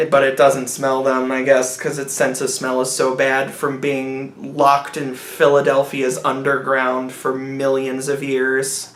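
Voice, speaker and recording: A man giving a sarcastic, rambling movie review, mocking the film as he goes. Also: medium pitch. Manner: rambling, mocking, acts out characters in silly voices. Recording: roomy echo.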